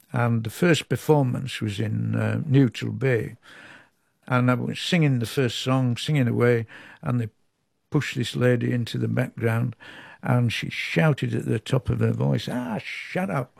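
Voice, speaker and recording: An older man from England, a storyteller, chatting as an interview guest in a chatty, animated way that often restarts sentences. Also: mid-range voice, gravelly, no room sound, studio quality. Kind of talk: reflective interview.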